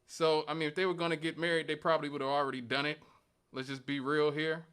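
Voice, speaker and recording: Emphatic high-voiced male radio host. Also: little pitch movement, fast, a bit bright, smooth. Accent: Northwest Indiana. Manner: emphatic, argumentative, repeats points for stress. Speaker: radio talk show host. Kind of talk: opinionated radio monologue.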